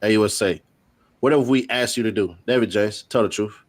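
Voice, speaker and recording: Low-voiced man reading court updates. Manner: reads quotes aloud, adds quick joking asides. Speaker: host.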